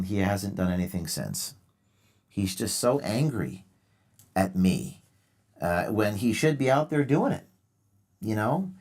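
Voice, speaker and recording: Sarcastic man hosting call-ins. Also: medium pitch. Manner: sarcastic, mock-earnest lecturing. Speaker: show host taking calls. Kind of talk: live call-in show.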